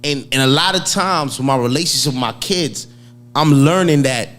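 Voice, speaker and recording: A middle-aged man, co-hosting a casual talk show and telling a family story with shouts and laughter. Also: fairly high pitch, moderate pace. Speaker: co-host. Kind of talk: casual chat.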